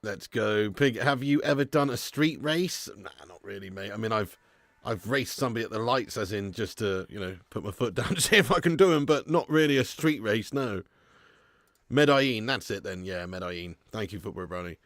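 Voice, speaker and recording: Bloke streaming a footy watch-along, laughs a lot, swears, dry close mic. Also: male voice, on the low side, fairly quick, dry recording. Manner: swears freely, laughs often, reads chat aloud. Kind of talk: casual live-stream chat.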